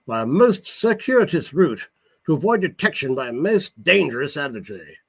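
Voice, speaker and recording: A man reading his novel aloud, voicing a wary, irritable older English scholar in a put-on English accent with a husky tone. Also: fairly high pitch, big pitch swings, normal speed, pitched above the performer's own voice, heavily acted. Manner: wary, irritable, clipped speech. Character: sharp, eccentric older English male scholar.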